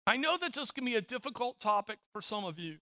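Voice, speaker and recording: A man's voice: very high voice, very animated, fast talker, bright, forceful tone. A middle-aged man preaching a sermon as pastor, telling stories with frequent repeated words.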